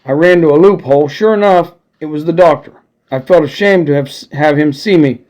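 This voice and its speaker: A man's voice: fairly high pitch, a little fast, darkish tone. Man casually reading an adventure story. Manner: casual, friendly asides to listeners.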